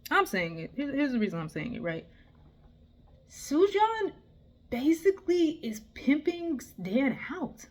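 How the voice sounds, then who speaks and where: A woman's voice: sits high, a little slow. Heated, exasperated woman ranting. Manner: heated, exasperated, swears often, animated outbursts. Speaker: manga reviewer. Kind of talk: casual ranting review.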